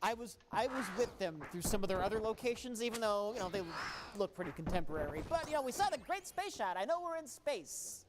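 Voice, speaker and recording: A man's voice: high-pitched, very animated, a little fast. A man co-hosting a podcast, reviewing a movie in casual chat with dry, matter-of-fact quips. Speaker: podcast co-host. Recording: hissy podcast audio.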